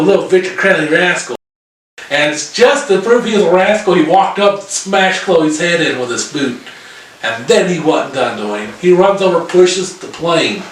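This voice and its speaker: A man casually recapping a horror film's plot, profane and animated, with lots of fillers. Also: on the high side, slight background noise. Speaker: podcast co-host reviewing a horror film. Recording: very echoey room, far from mic, music behind.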